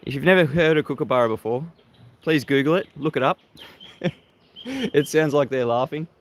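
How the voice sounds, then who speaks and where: Mocking Australian livestream host. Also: male voice, a little high, lively intonation, moderate pace. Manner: mocking and combative, laughs often at critics. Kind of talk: live-stream monologue greeting viewers.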